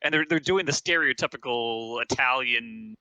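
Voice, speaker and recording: Bright-voiced man recapping casually. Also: medium pitch, moderate pace, dry recording, poor audio. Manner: rambling, hesitant recap with restarts. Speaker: podcast co-host recapping a film. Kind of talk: casual podcast chat.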